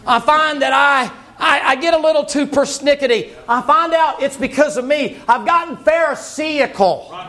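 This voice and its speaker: A man preaching a sermon in a folksy way, often rising to a shout. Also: very high-pitched, normal speed, few pauses. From Southern United States. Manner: folksy, breaks into shouts and acted voices.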